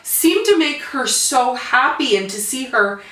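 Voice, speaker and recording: A woman's voice: sits high, sing-song, unhurried, pushed and bright, roomy sound, recorded from a distance, rough recording. A woman co-hosting a TV chat show, chatty, often agreeing with her partner. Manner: chatty, frequent agreeing backchannels. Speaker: podcast co-host. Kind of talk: casual TV recap chat.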